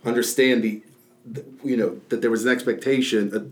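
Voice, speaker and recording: A man's voice: medium pitch, steady tone, fairly quick. A man co-hosting a podcast, rephrasing ideas analytically with some stumbles. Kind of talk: casual podcast conversation.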